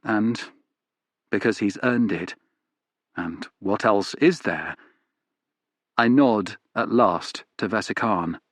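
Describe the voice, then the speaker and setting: Male audiobook narrator, first person, low voice, dead dry sound, calm even read. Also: slow, pauses often, no room sound.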